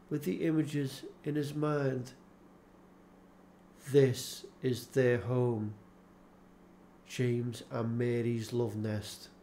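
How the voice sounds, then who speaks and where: Slow, measured male audiobook narrator. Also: medium pitch, dark tone, slight background noise. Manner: slow, measured, solemn reading.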